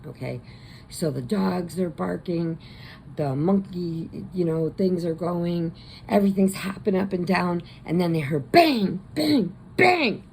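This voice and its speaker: Woman, gravelly and low-pitched, casual rambling storyteller, crochet-channel host. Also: dark tone, slight background noise, low-quality recording. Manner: rambling, with quick put-on voices. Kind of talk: casual movie retelling.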